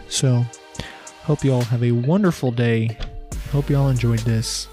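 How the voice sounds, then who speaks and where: A man's voice: medium pitch, unhurried, dark tone, soft background music. A man hosting a solo podcast, talking casually in a rambling, chatty, self-deprecating way. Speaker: podcast host.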